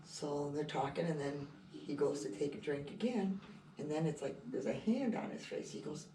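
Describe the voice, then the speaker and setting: An animated, rambling storyteller who keeps stacking "I said" and "he goes" while telling a casual anecdote. The voice sits at a middle pitch. It is caught from a distance in a roomy space with clear background noise. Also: moderate pace. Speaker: storyteller at the cafe. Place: indoor cafe.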